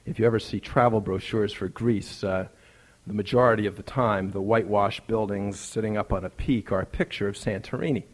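A man's voice: on the low side, steady tone, a little fast. A male preacher telling a personal story in a conversational sermon, building up to emphatic, rising lines.

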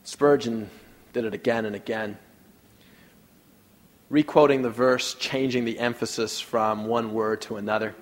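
A man preaching a sermon, leading a prayer and telling a story, swinging from loud to hushed. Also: medium pitch, steady tone, unhurried, long pauses. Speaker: pastor. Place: church sanctuary. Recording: long reverb of a large hall.

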